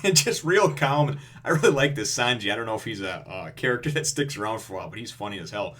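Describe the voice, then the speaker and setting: A man's voice: fairly low pitch, quick pace, few pauses, a bit bright. A man giving a casual, rambling review of a comic chapter, full of fillers and chuckles.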